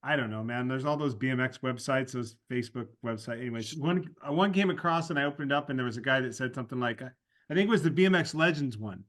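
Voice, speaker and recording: A man's voice: mid-range voice, fast, fairly bright tone. A man co-hosting a podcast, chatting casually in a loose, rambling way that keeps circling back on itself. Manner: rambling, self-correcting, says "dude". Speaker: podcast co-host. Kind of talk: casual chat.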